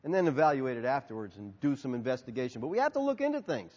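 A man's voice: medium pitch, quick pace. A man preaching as a pastor, answering a congregation's question and acting out conversations as he tells stories. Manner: animated storytelling, acting out both sides of dialogues. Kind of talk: sermon Q&A. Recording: dull sound, long hall reverb.

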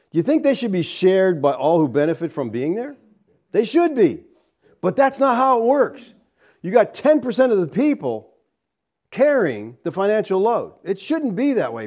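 A man's voice: very animated, measured pace, pauses often, a little mellow. A middle-aged man preaching a sermon as pastor, talking casually to the congregation and often asking "okay?" and "all right?". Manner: acts out quoted people in a higher voice.

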